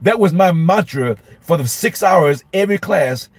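A middle-aged male minister giving an informal Bible study, emphatic and repetitive, sometimes acting out shouting at a class. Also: sits high, lively intonation, normal speed, husky. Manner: emphatic, repeats phrases, acts out shouting at a class.

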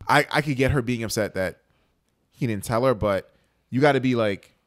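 A man in his thirties hosting a podcast, talking bluntly and profanely in casual banter, getting loud when he argues. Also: mid-range voice, normal speed, dry recording, clean studio sound. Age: 30s. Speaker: podcast host.

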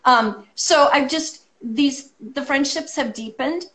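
A woman with a fairly high voice talks over a video call, full of enthusiasm and filler words. She is a guest artist from California in a relaxed chat. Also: takes it slowly. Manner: enthusiastic, chatty, many ums. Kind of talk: casual chat.

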